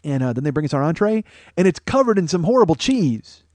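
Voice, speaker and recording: Brief: male comic, quick profane storytelling, bright-ish voice, dry mic. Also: fairly high pitch, very animated, no echo. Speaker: comedian host. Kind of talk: rambling comedic monologue.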